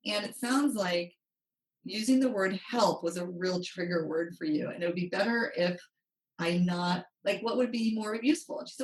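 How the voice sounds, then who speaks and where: This woman's voice is mid-range at a normal speed. She's a money coach telling a story during a podcast interview, lively and acting out quotes, captured in a roomy room at a distance from the mic.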